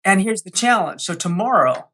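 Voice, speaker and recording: A man's voice: high voice, expressive, normal speed, sharp tone, a little hiss or hum. A man speaking as a podcast guest, coaching listeners with energy and acting out quotes. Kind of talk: podcast interview.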